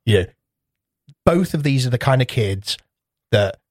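A man's voice: medium pitch, animated, measured pace, a little mellow, no room sound, studio quality. Sweary man telling rambling anecdotes. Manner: swears freely, acts out kids' voices in rambling anecdotes. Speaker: podcast co-host. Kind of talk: casual chat.

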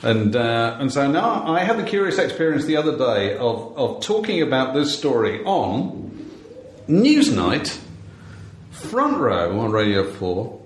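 Wry, chatty man with a lively voice. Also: medium pitch, a little slow, roomy sound. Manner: chatty storyteller, wry, laughs often. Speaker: podcast host. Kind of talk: casual chat.

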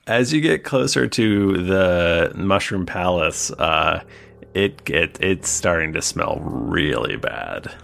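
A man's voice: sits low, lively intonation, slow pace, creaky, fairly bright tone. A man running a tabletop game as game master, narrating hesitantly with many fillers.

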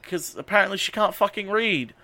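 A man's voice: high voice, fairly quick, sharp tone. A man on a podcast casually recapping a movie, swearing and rambling with lots of ums and uhs. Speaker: podcast host.

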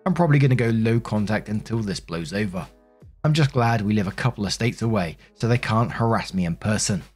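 A man's voice: on the low side, lively intonation, a little fast, darkish tone, husky, soft background music. British man reading online stories. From United Kingdom. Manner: blunt, swears casually in asides. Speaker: storytelling channel narrator. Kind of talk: reading online posts aloud with casual commentary.

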